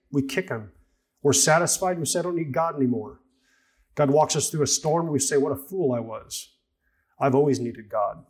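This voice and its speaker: A man's voice: medium pitch, slightly rough. A man preaching a sermon, earnest, reading a story aloud to his congregation. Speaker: pastor.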